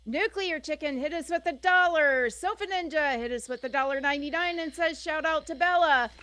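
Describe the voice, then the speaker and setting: A woman's voice: sits high, fairly quick, bright, forceful tone. A woman co-hosting a casual livestream, reading out viewer messages in an upbeat, matter-of-fact way. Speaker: co-host reading super chats.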